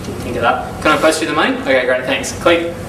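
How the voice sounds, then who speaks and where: A man's voice: medium pitch, quick pace. A young man telling a casual testimonial story, acting out the calls and conversations he describes. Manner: animated storyteller, acts out phone calls and quotes. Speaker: business consultant giving a testimonial. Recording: echoey room, mic a bit far, audible noise.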